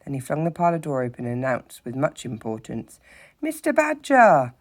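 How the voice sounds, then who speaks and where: A teacher reading a children's story aloud in a steady, expressive narrating voice, with occasional slips. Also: mid-range voice, fairly quick.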